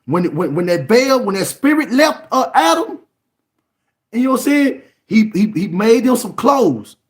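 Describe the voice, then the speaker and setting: A man preaching an emphatic sermon, repeating words and breaking into shouts. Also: very high voice. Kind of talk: fiery sermon.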